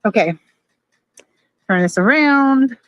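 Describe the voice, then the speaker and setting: A woman's voice: on the high side, animated, slow pace, no echo, lo-fi sound. A woman live-streaming from her phone at home, swearing and grumbling at her equipment while she shows her fish tanks to the chat. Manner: frustrated, swears a lot, talks to chat. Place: home room with aquariums.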